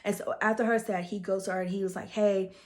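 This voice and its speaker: A woman's voice: medium pitch, steady tone, very fast. A woman recapping a story in a chatty, gossipy way, leaning on fillers. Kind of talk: casual plot recap.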